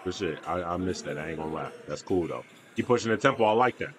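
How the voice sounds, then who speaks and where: A man's voice: low voice, expressive, fast talker, hardly any pauses. A young man giving casual, slangy reaction commentary on a basketball video, with mumbled asides. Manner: laid-back slangy banter, mumbles asides.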